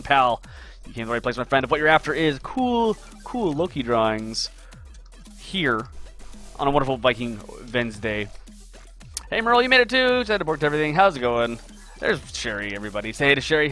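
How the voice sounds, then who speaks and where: Chatty guy streaming his drawing, bright forceful voice, faint music behind. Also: medium pitch, animated, normal speed. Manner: upbeat, greets viewers by name, chatty. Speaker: game dev artist streaming live. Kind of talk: casual live-stream chat while drawing.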